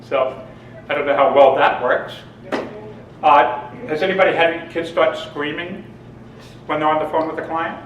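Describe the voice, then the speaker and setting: A man's voice: on the high side, steady tone, moderate pace, pauses often, lo-fi sound, a little hiss or hum. A man giving a humorous seminar talk to an audience, telling jokes and stories and laughing often. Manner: joking, storytelling, laughs often. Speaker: seminar presenter. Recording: echoey room, mic from a distance.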